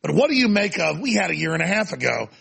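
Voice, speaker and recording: A male talk show host ranting forcefully through a heated interview. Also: high-pitched, sing-song, fast, gravelly, slightly rough.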